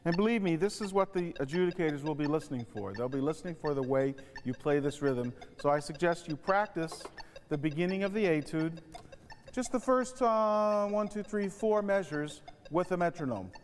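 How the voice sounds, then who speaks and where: Sax teacher guy explaining rhythm, sings it out, kinda high voice, big echoey room. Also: normal speed, soft background music. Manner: sings rhythms aloud to demonstrate; earnest, advising. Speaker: saxophone instructor. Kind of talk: music lesson tutorial. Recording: reverberant room.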